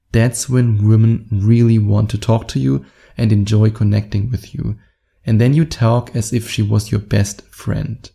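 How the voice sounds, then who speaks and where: A man with a low, mellow voice that has a steady gravelly rasp underneath. He coaches his viewers directly, laying out advice in a slow, deliberate, instructive way. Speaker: dating coach. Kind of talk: direct-to-camera advice monologue.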